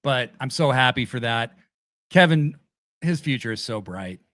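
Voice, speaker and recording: A man hosting a casual wrestling review chat, animated and swearing casually as he retells events. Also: medium pitch, moderate pace. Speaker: podcast host.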